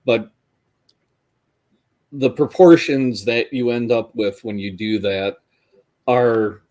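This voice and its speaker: A man co-hosting a casual chat, chiming in with short agreements and halting, restarted remarks. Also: medium pitch, darkish tone.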